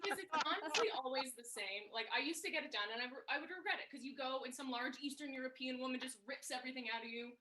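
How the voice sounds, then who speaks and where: A woman's voice: high-pitched, quick pace, hardly any pauses, a crowd in the background. A woman comic telling brash, self-mocking stories in a stand-up set over a video call.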